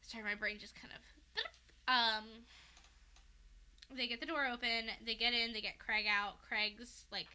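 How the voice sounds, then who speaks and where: A woman's voice: on the high side, fairly even intonation, a little slow, long pauses, bright, forceful tone, clear, resonant tone. A woman hosting a podcast, casually retelling a story in a rambling way, with lots of fillers and swearing. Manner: rambling, full of "like" and "um", swears freely. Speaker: podcast host. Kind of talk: casual recap of a fan fiction.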